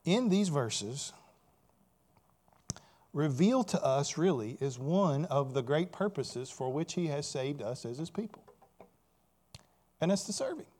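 A male pastor preaching a sermon, building to loud emphatic points and checking in with "right?". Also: fairly high pitch, lively intonation, unhurried, long pauses.

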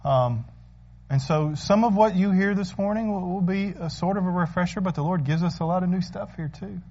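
A pastor preaches with earnest conviction, tossing rhetorical questions to his congregation. The man's voice sits fairly high. The recording sounds dull and lo-fi. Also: fairly quick, a little mellow. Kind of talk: sermon.

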